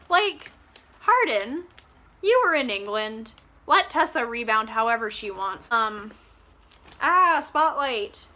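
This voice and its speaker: Sarcastic, bright-voiced woman ranting. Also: on the high side, sing-song, slow pace. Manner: sarcastic, exasperated, profane. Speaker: book reviewer. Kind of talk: ranting book review.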